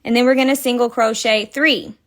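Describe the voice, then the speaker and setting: A woman's voice: on the high side, steady tone, fairly quick. A young woman hosting a casual live crochet tutorial, chatty, counting stitches aloud and laughing often. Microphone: phone.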